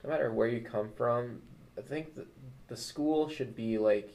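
A young man in a class discussion, talking haltingly with many restarts. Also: medium pitch, a little mellow. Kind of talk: casual discussion.

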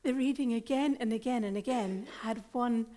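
A woman pastor preaching a sermon in an earnest, deliberate and emphatic way. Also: fairly high pitch, warm tone.

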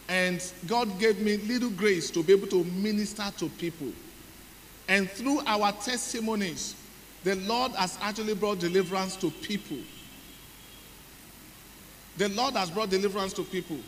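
Nigerian pastor preaching in a reverberant hall. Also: male voice, sits high, a bit bright. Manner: dramatic storytelling, acts out dialogue. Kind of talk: sermon. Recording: reverberant hall with faint noise.

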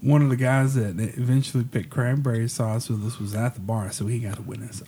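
A man's voice: medium pitch, steady tone, brisk, warm tone, slight background noise. A man, a guest host, telling a story in casual chat and laughing often as he goes.

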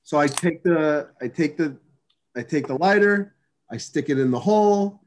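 Guy in a casual chat, kinda high voice, rambling w lots of restarts and swearing. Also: lively intonation, normal speed, a little mellow. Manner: rambling, profane, many restarts and fillers.

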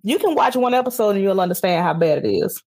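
A woman co-hosting a casual podcast. Her voice is husky and a little breathy, and her pitch sits in a middle range. She rants with lively emphasis and speaks straight to listeners as y'all. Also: fast. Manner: animated ranting, addresses listeners as y'all. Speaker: podcast co-host. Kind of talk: casual chat.

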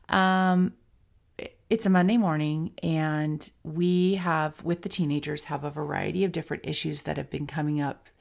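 Low gravelly-voiced woman podcaster. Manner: candid, reflective, with frequent fillers. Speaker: podcast host. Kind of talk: personal storytelling monologue.

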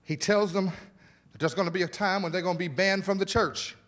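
A male pastor with a high voice preaches a sermon at normal speed in a church sanctuary. His delivery is animated, full of repeated words and exclamations, and he drops informal, conversational asides to the congregation.

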